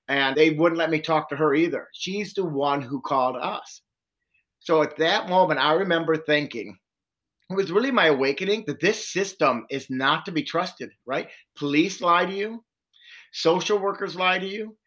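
A man with a fairly high voice tells a personal story in an interview. He is earnest and animated and slips into the voices of the people he remembers. It sounds like a sincere account of his own life. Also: normal speed. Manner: earnest, animated retelling with quoted dialogue. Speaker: social worker and domestic violence trainer.

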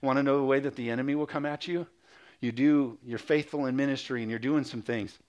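A male pastor preaching a sermon, reading scripture aloud and calling for amens, with quick mocking asides. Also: medium pitch, a little mellow, muffled recording.

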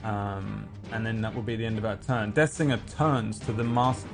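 A man running a tabletop game, talking in a relaxed, halting way, with lots of fillers and goofy sound effects. A faint bed of music plays quietly behind him. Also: lowish voice, gravelly. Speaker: game master.

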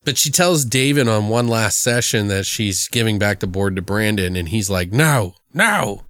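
A man's voice: lowish voice, moderate pace, a bit bright, dry recording, studio quality. A man casually recapping a horror movie with a co-host, swearing a lot, laughing and acting out the characters' lines. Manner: profane, laughing, recaps with mock quotes. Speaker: podcast co-host.

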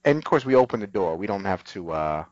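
A man's voice: low-pitched, fast talker, no echo, lo-fi sound. A man co-hosting a casual show, animatedly retelling scenes and acting out lines. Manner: animated retelling, acts out quotes. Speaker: podcast co-host. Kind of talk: casual recap chat.

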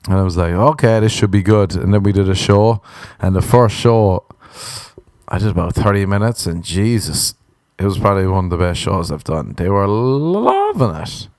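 An Irish man telling a comic story in a casual, sardonic way, with profanity and deadpan understatement. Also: on the low side, moderate pace, no echo, clean studio sound. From Ireland. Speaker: comedian.

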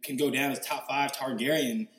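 Male co-host, average pitch, casual stop-start chatter, echoey room. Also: fairly even intonation, normal speed, a bit bright. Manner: laughing along, hesitant restarts, slangy. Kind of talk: casual chat.

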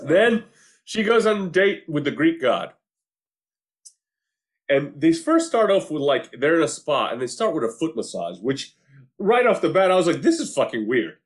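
A man's voice: on the high side, moderate pace. Laughing, swearing man retelling a show. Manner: animated storytelling, acts out quotes, swears freely, laughs often. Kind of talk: casual chat recapping a TV show.

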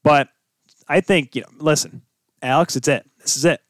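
A man hosting a casual hockey podcast, animated and teasing, breaking into loud bits. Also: a little high, normal speed, no echo. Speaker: podcast host. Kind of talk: casual sports chat.

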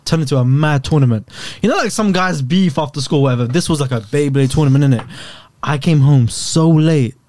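A young man eagerly telling stories in a casual podcast chat, his voice slightly higher than most. He uses plenty of slang, and his voice is heard close and dry with no room sound. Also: fairly quick, darkish tone, no room sound.

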